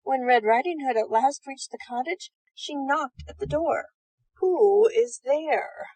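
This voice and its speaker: A woman reading bedtime stories aloud in a gentle, soothing manner. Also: high voice, normal speed, no echo, rough recording. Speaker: storyteller.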